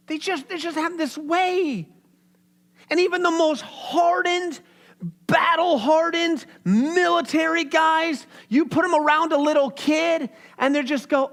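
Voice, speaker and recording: The sermon comes from a young pastor whose voice is unusually high-pitched and whose pace is measured. He preaches in a lively, casual manner, like he's simply talking with the people in the pews.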